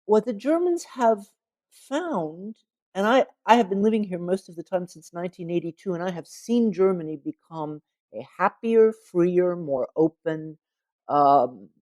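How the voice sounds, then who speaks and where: Measured woman author explaining ideas. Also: on the low side, lively intonation, warm tone, dry recording. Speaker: author, interview guest. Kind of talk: interview conversation.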